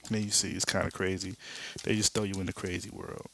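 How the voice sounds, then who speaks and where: A man's voice: deep voice, flat delivery, fairly quick, gravelly, fairly bright tone, slight background noise. A man hosting a podcast, retelling a comic book story in loose, slangy, laid-back talk. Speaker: podcast host. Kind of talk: casual comic-book recap.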